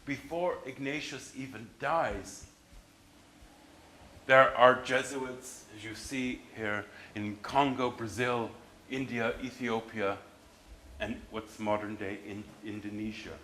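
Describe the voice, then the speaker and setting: A man's voice: medium pitch, steady tone, slow, sharp tone, echoey room, slight background noise, poor audio. A man giving a university history lecture, emphatic and restarting his sentences as he explains.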